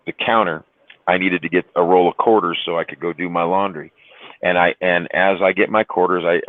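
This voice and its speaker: A man's voice: deep voice, no room sound. A man telling trucking stories in a rambling, profane way, with lots of "you know" and "right?". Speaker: trucker on a livestream chat. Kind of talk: casual storytelling. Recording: dry tinny phone-like line.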